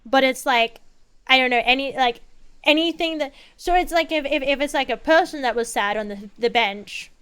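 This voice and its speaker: Female streamer, high clear voice, chatty and rambling with swearing. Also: moderate pace. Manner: rambling, expressive, swears freely, lots of fillers. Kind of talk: casual chat while gaming.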